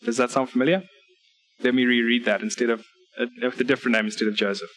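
A man's voice: mid-range voice, steady tone, fast, fairly bright tone, rough recording. A man preaching a sermon at a church service, reading scripture and laying out numbered points with earnest, direct appeals to his listeners.

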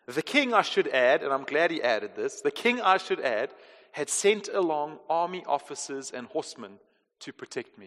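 A man preaching a sermon as pastor, swinging between emphatic and hushed delivery. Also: sits high. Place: church hall. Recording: long reverb of a large hall.

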